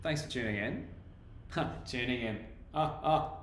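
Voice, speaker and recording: A man's voice: mid-range voice, unhurried. A young man chatting casually on a live stream, laughing often as he reads out viewer comments. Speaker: livestreaming bass trombonist. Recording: echoey room with faint background noise.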